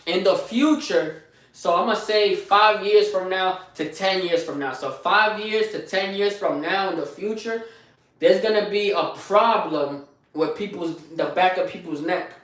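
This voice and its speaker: A man's voice: high-pitched, heavy reverb, far from the mic. A young man talking on an early-morning livestream, preaching motivation in street slang, with repetition and asides like "you heard?". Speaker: live streamer giving morning motivation. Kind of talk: casual motivational livestream talk.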